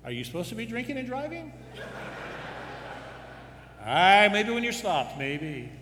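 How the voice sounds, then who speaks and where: A man's voice: high voice, sing-song, unhurried, bright, forceful tone. A man preaching a sermon, firing off rhetorical questions and adding dry humorous asides. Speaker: pastor. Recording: echoey hall with faint hum.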